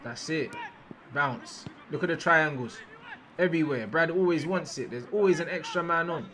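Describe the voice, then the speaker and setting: Excitable young man. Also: fairly high pitch, moderate pace, slight background noise. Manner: excitable, breaks into loud outbursts at big moments; slangy, repeats words and phrases. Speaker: youtuber reacting to football footage. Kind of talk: casual reaction commentary.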